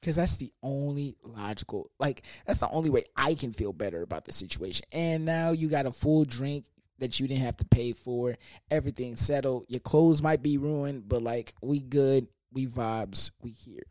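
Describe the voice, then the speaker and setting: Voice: medium pitch, normal speed, darkish tone, dry recording, clean studio sound. A young adult telling a comedic storytime about a party, in a loose, slangy, profane manner with lots of fillers. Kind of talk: casual storytime monologue.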